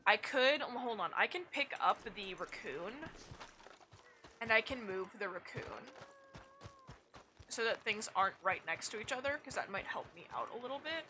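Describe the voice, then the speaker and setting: Young woman, game streamer, loose sweary chatter, bright, crisp tone. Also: mid-range voice, expressive, normal speed, a little hiss or hum. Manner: chatty, self-mocking, swears freely. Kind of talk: casual gameplay chat.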